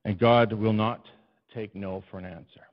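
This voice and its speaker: A man's voice: on the low side, normal speed. Man preaching a storytelling sermon. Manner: animated, storytelling, addresses the congregation. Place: church. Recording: dull, muffled recording.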